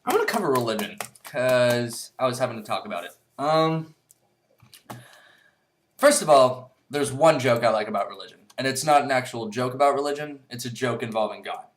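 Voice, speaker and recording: A man's voice: mid-range voice, animated, normal speed. Blunt, rambling man vlogging. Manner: rambling, blunt and profane, with many fillers. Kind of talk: casual monologue to camera.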